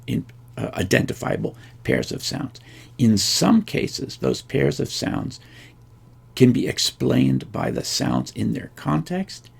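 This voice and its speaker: A man's voice: mid-range voice, gravelly, darkish tone, husky. A man giving a recorded linguistics lecture, thinking aloud with frequent restarts and fillers.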